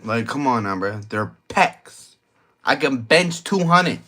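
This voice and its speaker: Slow and drawling yet forceful, a young man's bright mid-range voice swings with lively intonation as he drinks through a late-night vlog rant. He's tipsy, crude and slangy, arguing and repeating himself as he rambles.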